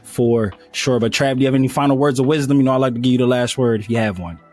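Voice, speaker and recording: A man's voice: medium pitch, fast, darkish tone, soft background music. Hyped playful man podcast host. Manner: hyped and playful, hypes up guests. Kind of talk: casual podcast chat.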